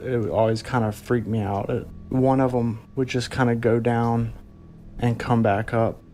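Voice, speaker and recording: A man telling a frightening personal experience in a halting way, often restarting his sentences. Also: mid-range voice, level tone, darkish tone, a little hiss or hum. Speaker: eyewitness telling his story. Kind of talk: personal storytelling.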